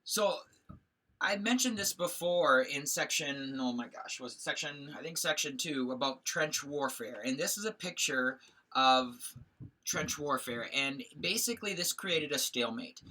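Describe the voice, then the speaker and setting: Male teacher, very sharp bright tone, casual rambling slide lecture full of fillers. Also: a little high, animated, a little slow. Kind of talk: recorded history lecture over slides.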